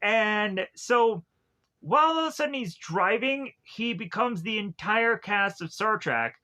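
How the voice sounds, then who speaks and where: Rambling man with a bright voice. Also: sits high, expressive. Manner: rambling, halting, full of filler words. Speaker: film reviewer. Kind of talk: casual spoken film review.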